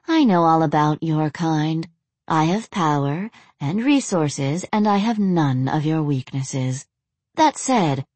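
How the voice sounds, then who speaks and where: A woman's voice: low voice, a little mellow, dry recording. Woman voicing a sardonic undead woman. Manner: mocking, blunt.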